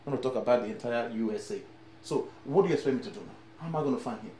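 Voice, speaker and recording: A man's voice: mid-range voice, lively intonation, rapid-fire, a little hiss or hum, natural voice. Man playing an exasperated immigrant. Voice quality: lecturing, scolding. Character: exasperated Nigerian man living in Houston. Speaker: host of a stranded relative. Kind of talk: film acting. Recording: echoey room with loud music.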